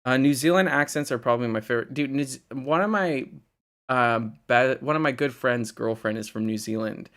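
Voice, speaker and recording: A young man from the United States chats loosely with his live-stream audience, answering comments as they come in. His voice sits at a middle pitch with a gravelly, creaky edge. He rambles through plenty of fillers and restarts. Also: fairly quick, fairly bright tone. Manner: rambling, filler-heavy, answers chat comments with frequent laughs. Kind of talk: casual live-stream chat.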